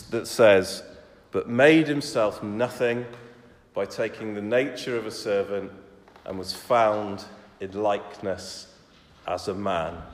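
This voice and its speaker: A man, a church elder preaching a sermon in a conversational way, asking rhetorical questions and dropping to soft, intimate tones. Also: fairly high pitch. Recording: echoey hall with long reverb.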